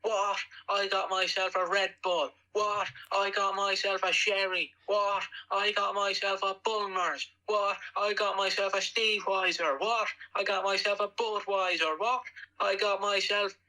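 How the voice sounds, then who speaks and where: A man's voice: high voice, little pitch movement, unhurried, pushed and bright, full character voice, rough recording. A man doing an impression of a famous wrestler as an Irishman. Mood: rowdy boasting. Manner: repetitive call-and-response chant. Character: famous gruff male wrestler reimagined as an Irishman on a pub crawl.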